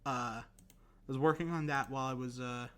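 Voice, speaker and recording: A hoarse young man hosting a casual solo podcast, rambling and self-deprecating with lots of fillers and restarts. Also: mid-range voice, fairly even intonation, brisk, fairly bright tone. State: hoarse, recovering voice. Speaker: podcast host.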